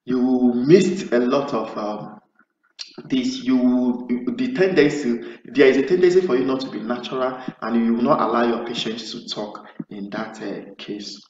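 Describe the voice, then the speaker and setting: Here a man with a medium-pitched, darkish voice speaks a little slowly while coaching nurses for an English speaking exam. He walks through the material step by step, restarts phrases often, and performs sample exchanges between nurse and patient. The audio is dull, distant and roomy.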